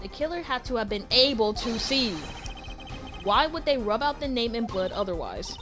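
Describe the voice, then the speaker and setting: A woman's voice: fairly high pitch, big pitch swings, normal speed, over music. A woman reading as an earnest young lawyer. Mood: arguing. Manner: argumentative, pressing questions. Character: earnest young male defense attorney.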